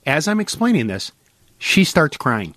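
A middle-aged man hosting a casual talk show, telling a story with lively acted-out quotes. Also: on the high side, unhurried, dry recording. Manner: animated storyteller, acts out quotes.

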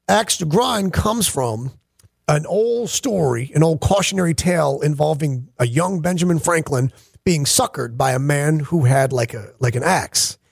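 Gravelly, husky radio host man. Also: fairly high pitch, a little slow, dry recording, clean studio sound. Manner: rambling, self-correcting storyteller. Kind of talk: casual on-air banter. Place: radio studio. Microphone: studio microphone.

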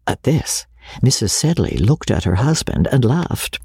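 A man narrating a classic novel in a breathy voice, often sinking to a near-whisper. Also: medium pitch, big pitch swings, unhurried, darkish tone, dry recording, clean studio sound. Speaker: audiobook narrator. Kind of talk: storybook narration.

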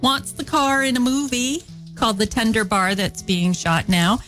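A woman's voice: a little high, expressive, moderate pace, a bit bright, faint music behind, poor audio. A woman co-hosting a morning radio show, telling a local feature story in an easygoing way. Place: radio studio. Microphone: studio microphone.

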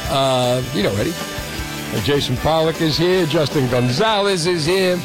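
A man's voice: on the high side, measured pace, over music. A man hosting a radio call-in trivia game, joking and bantering with callers. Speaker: radio show host.

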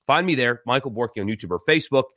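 A man's voice: mid-range voice, animated, rapid-fire, fairly bright tone, no room sound, studio quality. A man hosting a casual sports talk livestream, chatty, with frequent fillers and laughing at his own jokes. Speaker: host. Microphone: live-stream mic.

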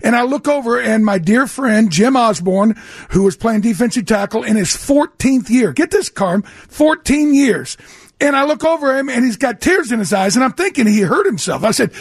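Older male ex-player co-host, husky high voice, dry studio mic, animated storyteller. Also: normal speed, no room sound. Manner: animated storyteller, acts out quoted voices, restarts often. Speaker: radio co-host and former pro football player. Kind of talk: casual sports radio storytelling. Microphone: studio microphone.

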